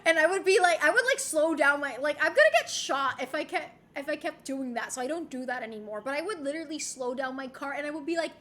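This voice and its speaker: A woman's voice: high voice, expressive, quick pace, few pauses, fairly bright tone, a little hiss or hum. A young woman streamer chatting candidly with her chat from home, swearing freely and rambling with restarts. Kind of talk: casual chat.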